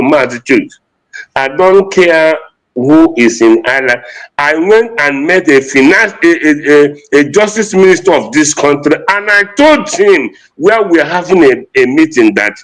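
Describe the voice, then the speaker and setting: A man's voice: a little high, a bit bright, rough recording. A man with a Nigerian Igbo accent giving an impassioned political address, mixing English and Igbo and repeating phrases for emphasis.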